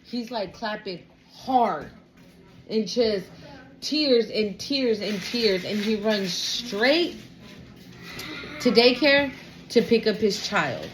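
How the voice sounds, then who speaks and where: A woman's voice: mid-range voice, expressive, slow, pauses often, a little hiss or hum, rough recording. Chatty, cussing woman telling a story. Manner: chatty, profane, keeps asking "right?". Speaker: tarot reader addressing a collective. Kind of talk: casual storytelling.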